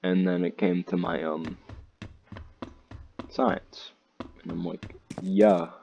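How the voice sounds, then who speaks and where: A man's voice: low-pitched, level tone, takes it slowly, creaky, a little mellow. A teenage boy telling a rambling, profane story about his school day, full of "like" and "dude". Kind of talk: casual storytime. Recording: slightly dull lo-fi audio, faint noise.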